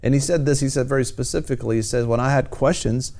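A man's voice: mid-range voice, fast talker, mellow. A man hosting a Christian television program, talking about faith in a fervent, exhorting preacher's cadence. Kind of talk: evangelistic TV talk.

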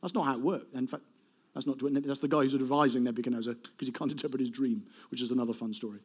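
Delivering a sermon, this middle-aged preacher talks fast in a husky, medium-pitched voice. He's animated, posing rhetorical questions and shifting from loud emphasis to quiet asides.

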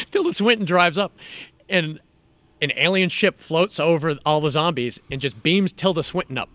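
A man with a bright, forceful voice tells a story in casual chat. He is animated and laughs often. The sound is dry and close, with no room in it. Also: on the high side, a little slow, no echo. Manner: animated retelling with frequent laughter and swearing.

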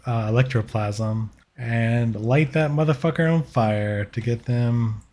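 A man's voice: medium pitch, measured pace, few pauses, darkish tone. Man, tabletop player, mid-range voice, casual, swears. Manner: casual, thinks aloud, swears. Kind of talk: tabletop game table talk.

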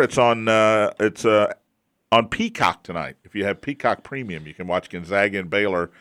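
A man's voice: medium pitch, fairly bright tone, no room sound, clean studio sound. An American man hosting a sports talk radio show, rattling off scores and records with a wry edge. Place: radio studio. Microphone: studio mic.

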